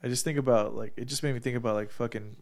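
Medium in pitch and fairly even, this man talks fast with a darkish tone. He co-hosts a podcast and, stuffed up after surgery, laughs a lot and curses freely while telling a story in casual chat.

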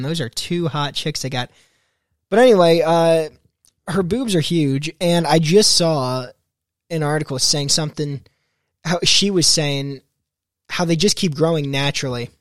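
A man's voice: a little high, dry recording, clean studio sound. Rambling young man hosting a solo podcast. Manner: rambling, lots of fillers and restarts. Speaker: podcast host. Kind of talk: casual solo podcast talk.

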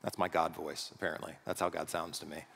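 A pastor preaching a sermon in a conversational way, often checking in with the congregation through rhetorical questions. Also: male voice, low-pitched, gravelly, a bit bright, a little hiss or hum. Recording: long reverb of a large hall.

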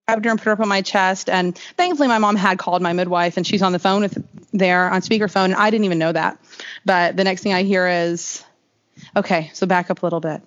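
A woman telling a long personal story as an interview guest, in a rambling, chatty way full of "like". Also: medium pitch. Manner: chatty, rambling, heavy use of "like". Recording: slightly dull lo-fi recording.

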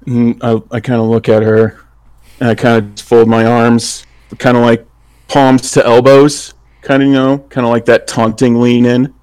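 A man's voice: mid-range voice, measured pace, clear, resonant tone. Rambling, laughing male game player. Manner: relaxed, rambling, laughs often. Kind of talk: tabletop role-play.

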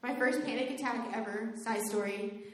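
A young woman giving a faith talk, telling personal stories in a lively way, laughing often and saying "like" a lot. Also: on the high side, normal speed. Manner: animated storytelling, laughs often, says "like" a lot. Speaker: youth speaker. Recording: very echoey room.

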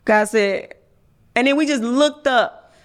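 Animated woman host telling a story. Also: on the high side, slow pace, clean tone. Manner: animated, acts out quotes with shifting voice. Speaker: podcast host. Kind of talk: casual storytelling chat.

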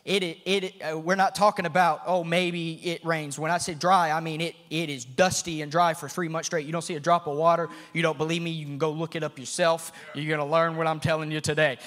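A man, a missionary preacher, telling a story in a sermon, often repeating himself and building to shouted fervor. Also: on the high side, little pitch movement, fairly quick, few pauses. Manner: repeats and restarts phrases. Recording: long hall reverb.

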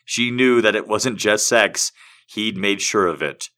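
A man hosting a comic reading of fan fiction, breaking off into crude, profane, excitable asides. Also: on the low side, unhurried.

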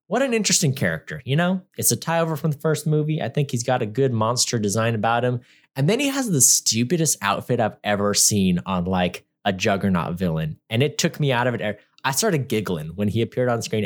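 A man's voice: mid-range voice, animated, a little fast. A man co-hosting a podcast, reviewing a movie in casual chat with a sarcastic, rambling manner.

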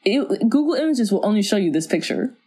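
A woman's voice: medium pitch, fast. A woman co-hosting a podcast, chatting casually and acting out scenes with laughter. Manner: animated storytelling, acting out quotes, laughs often. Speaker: podcast co-host. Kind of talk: casual chat.

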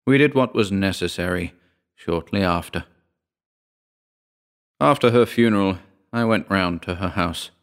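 A man reading a horror short story aloud in a measured, grave storytelling manner. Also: deep voice, clean tone. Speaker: narrator. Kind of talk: scripted horror narration.

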